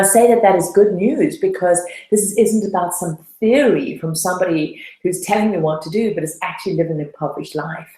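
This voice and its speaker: A woman's voice: fairly low pitch, mellow, roomy sound, poor audio. A woman coach giving a webinar talk, telling her own story in an earnest, personal way. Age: adult, past her late twenties. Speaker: debt-freedom coach.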